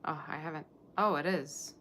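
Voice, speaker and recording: A woman's voice: low voice, moderate pace, pushed and bright, slight background noise. A woman giving a live tarot reading to her viewers, chatting and rambling as she answers their comments. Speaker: tarot reader.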